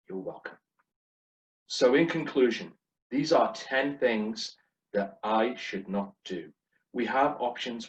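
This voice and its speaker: A middle-aged man giving a humorous prepared speech at a club contest, with a wry, self-deprecating way of listing things. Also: on the low side. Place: club meeting room. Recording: distant dull lo-fi room recording.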